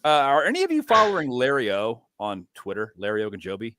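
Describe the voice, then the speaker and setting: A man's voice: mid-range voice, wildly swooping pitch, quick pace, sharp tone, a little hiss or hum. A man co-hosting a sports podcast, talking casually with a joking, rambling manner while sipping whiskey. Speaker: podcast co-host.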